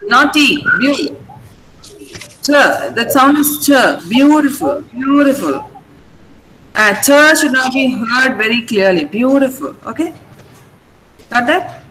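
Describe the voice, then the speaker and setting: High-voiced Indian English teacher drilling words. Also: female voice, bright, forceful tone, rough recording. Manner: patient, repeats words slowly for drilling. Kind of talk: online pronunciation lesson. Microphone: computer mic on a video call.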